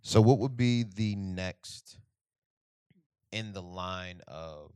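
A man's voice: low-pitched, drawn-out words, darkish tone, smooth, dry recording, clean studio sound. A man co-hosting a podcast, asking his partner probing, teasing questions in casual chat. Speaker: podcast co-host.

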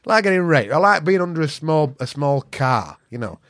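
A man's voice: on the high side, very animated, normal speed, fairly bright tone, dry recording, studio quality. A middle-aged man with a Yorkshire accent, a podcast guest telling stories in a blunt, sweary way. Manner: blunt, sweary, northern dialect grammar. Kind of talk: casual storytelling.

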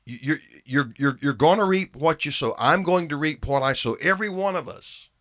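A man's voice: on the high side, moderate pace, fairly bright tone. A man preaching a sermon in an earnest way, often repeating phrases and restarting his words for emphasis.

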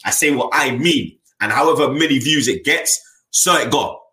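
A man's voice: medium pitch, normal speed, sharp tone. Blunt slangy man, roomy sound. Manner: blunt, slangy, keeps adding "you get me". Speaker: football fan channel host. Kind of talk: casual chat.

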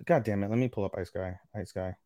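A man's voice: fairly low pitch, fast, dark tone, no echo, clean studio sound. A man casually recapping an anime episode on a podcast, rambling, stumbling over names and swearing now and then. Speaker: podcast co-host.

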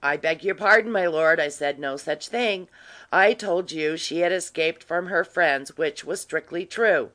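Grave gentleman with quiet malice, dry delivery, voiced by the narrator. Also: mid-range voice, a little slow. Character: grave, quietly sly gentleman Ormiston, man. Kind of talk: audiobook reading.

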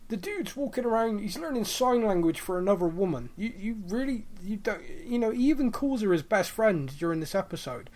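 A man's voice: high voice, expressive, fairly quick, few pauses, a little mellow. A man co-hosting a podcast and chatting casually about a TV episode, with lots of ums and quoted lines he acts out. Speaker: podcast co-host. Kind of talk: casual chat reviewing a TV episode.

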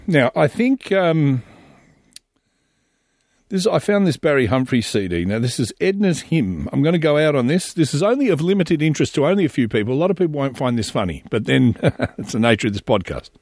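A man hosting a podcast solo, with lively ups and downs in his voice. He throws in crude, jokey asides, and the sound is close and dry with no room echo. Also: medium pitch, fairly quick. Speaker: podcast host.

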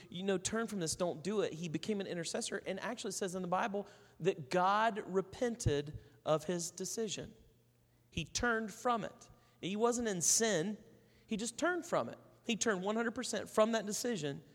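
A man's voice: high voice, expressive, moderate pace, in a large hall. A man preaching a sermon in a conversational way, telling stories and acting out the people in them. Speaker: pastor.

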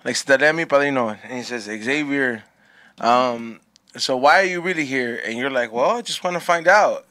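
A man telling stories in casual chat, profane and animated, slipping in Spanish phrases. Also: mid-range voice, moderate pace, no echo.

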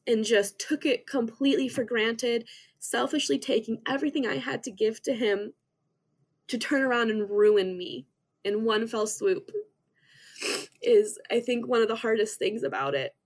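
A young woman, a podcast guest, telling an emotional personal story in an earnest, halting way with many restarts. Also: on the high side.

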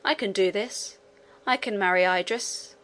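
A woman's voice: mid-range voice, a little slow, fairly bright tone, close to an everyday voice. A woman reading the lines of a proud, ambitious young nobleman in an audiobook, with a haughty, grandiloquent delivery. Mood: scheming.

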